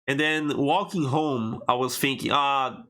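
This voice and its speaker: Bright-voiced animated man co-hosting a podcast. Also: mid-range voice, measured pace. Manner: animated, restarts often, laughs easily. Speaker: podcast co-host. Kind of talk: casual chat.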